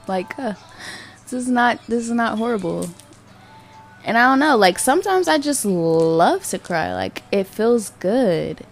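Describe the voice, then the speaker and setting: Soft music plays behind a young woman's slow, sing-song, fairly high voice as she rambles candidly through her solo podcast. She uses lots of fillers and swears freely.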